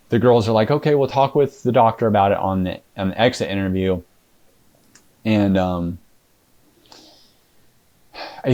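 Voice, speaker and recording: Low-voiced man telling a story. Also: a little mellow. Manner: rambling, many fillers and restarts. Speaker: interview guest. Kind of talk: casual storytelling interview.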